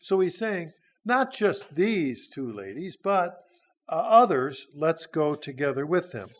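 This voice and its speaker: A man in his sixties preaches a sermon, working through a Bible passage in a folksy, conversational style full of hesitations. His voice is fairly high and very animated, and he speaks slowly. He is a church speaker.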